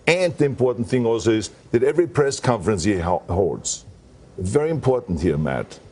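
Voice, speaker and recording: A man's voice: lowish voice, big pitch swings, moderate pace, dark tone, a little hiss or hum. A man as a guest in a TV morning show interview, talking in an emphatic, upbeat and joking way.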